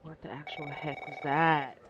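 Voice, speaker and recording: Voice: medium pitch, fairly even intonation, moderate pace, muffled recording. A streamer giving casual live commentary on a horror game, jumpy and anxious, talking to themself in slang. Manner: jumpy, anxious, talks to self. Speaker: gameplay streamer.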